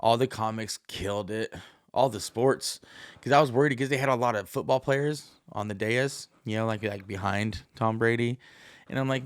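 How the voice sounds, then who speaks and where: Gravelly, profane man rambling casually. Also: lowish voice, normal speed, no echo, studio quality. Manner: profane, meandering, acts out quoted voices. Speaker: podcast host.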